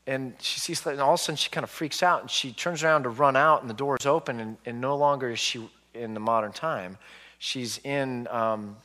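An author in his forties addresses a live audience in a big-sounding room, his medium-pitched voice moving briskly. He tells stories with animation, acting out how people reacted.

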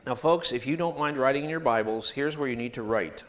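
A man preaching a sermon in a church, emphatic and animated, leading the congregation to repeat phrases after him. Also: medium pitch, fairly quick. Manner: sings hymn lines at the start.

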